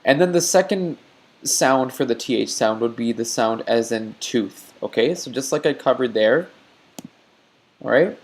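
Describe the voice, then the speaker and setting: A man's voice: mid-range voice, expressive, measured pace. Patient male teacher giving an online lecture. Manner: patient, repeats points often, checks in with "okay?".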